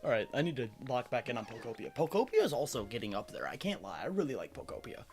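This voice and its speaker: A male streamer who jokes and rambles with his live chat. His voice has a gravelly rasp, and his pitch swings widely as he gets worked up. Soft game music plays underneath. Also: quick pace. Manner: animated, rambling, jokey banter with chat.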